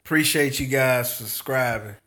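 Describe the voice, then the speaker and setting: Bright, joking man. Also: medium pitch, moderate pace. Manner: joking, laughs often, slangy banter. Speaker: small business owner and channel host. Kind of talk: casual live-stream chat with viewers.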